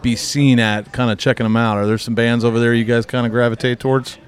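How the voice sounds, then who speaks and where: A man's voice: medium pitch, flat delivery, fast. A man hosting a casual radio interview with a band in a bar, friendly and joking, with plenty of fillers. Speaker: radio show host. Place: bar with a live band setup.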